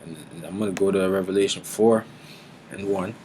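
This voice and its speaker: A man giving an informal Bible teaching, mixing street slang and swearing with slow, deliberate scripture reading. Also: low-pitched, steady tone, a little mellow, slight background noise, rough recording.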